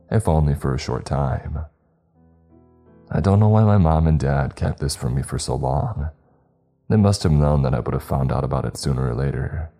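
A man narrates a first-person horror story in a measured, confessional way. His voice is extremely deep and dark in tone. Faint music runs beneath the narration.

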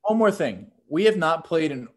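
A young man co-hosting a podcast, telling stories in casual, lively banter. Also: a little high, moderate pace. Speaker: podcast co-host, pro baseball player. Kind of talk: casual chat.

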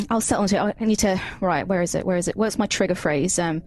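A woman's voice: medium pitch, fast talker, darkish tone, faint music behind. A woman playing a tabletop game, chatting casually and joking about her own accent. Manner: giggly, self-mocking. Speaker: player.

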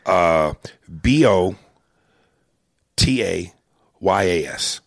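A man hosting a podcast in casual chat, profane and excitable, tripping over his words. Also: low-pitched, very slow, gravelly, no echo, clean studio sound. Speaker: podcast host.

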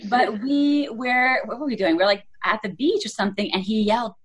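Chatty woman with a husky voice. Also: fairly high pitch, expressive, a little fast, fairly bright tone. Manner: chatty, self-deprecating, swears casually. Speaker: podcast co-host. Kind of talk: casual chat.

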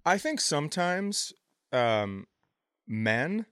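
A man co-hosting a comedy podcast, telling rambling stories and sometimes bursting into loud impressions. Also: a little high, very animated, extremely slow, clean tone, dry recording, clean studio sound. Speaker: podcast co-host. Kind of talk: casual comedy podcast chat.

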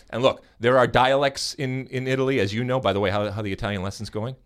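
Animated American man hosting a podcast. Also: mid-range voice, fast talker, few pauses, clear, resonant tone. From United States. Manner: animated and teasing, with many restarts. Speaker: podcast host. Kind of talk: casual podcast chat.

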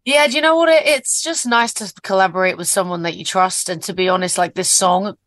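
A woman's voice: medium pitch, brisk, a bit bright, dry recording. A woman in her thirties, a guest singer chatting and laughing in a casual interview over a video call. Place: remote, not in the studio.

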